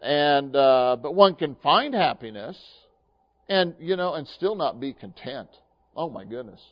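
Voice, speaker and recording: A man with a fairly high voice preaches a sermon. He talks in a folksy, storytelling way, with plenty of fillers and restarts. The recording sounds dull and muffled. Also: expressive, a little slow. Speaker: pastor.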